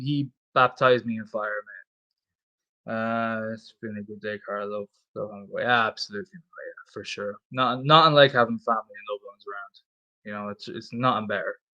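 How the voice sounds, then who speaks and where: A man's voice: on the low side, fairly even intonation, moderate pace, sharp tone, muffled recording. A man chatting casually on a livestream, reading out viewer comments, swearing freely and repeating himself. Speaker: stand-in livestream host.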